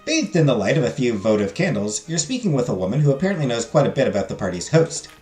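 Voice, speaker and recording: Lively man reading a narrative game. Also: mid-range voice, fast talker. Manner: playful, laughs at his own voices. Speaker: streamer. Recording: roomy echo with faint game music.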